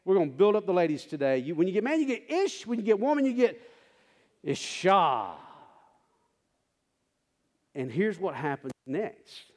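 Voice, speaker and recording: A man preaching a sermon, animated and direct with his congregation, repeating phrases for emphasis. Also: sits high, fast, hardly any pauses, long reverb tail. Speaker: pastor.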